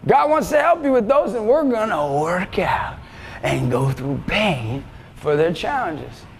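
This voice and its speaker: A male motivational speaker giving an energetic talk to students, often shouting to rally them. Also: sits high, a little slow, creaky, background noise. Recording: reverberant hall, faint music behind.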